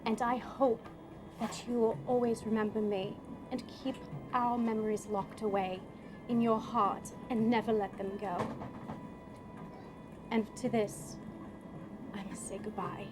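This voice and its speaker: Woman playing a soft-spoken farewell lover. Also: a little high, steady tone, a little slow, long pauses, background noise, close to an everyday voice. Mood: tender farewell. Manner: soft, tender, pleading. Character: gentle young woman saying farewell to her prince.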